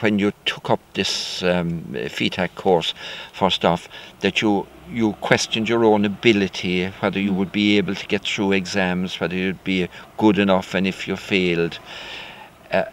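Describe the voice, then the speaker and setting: Halting older Irish male interviewer. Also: deep voice, fairly even intonation, slight background noise. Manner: halting, restarts questions. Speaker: interviewer host. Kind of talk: interview questions.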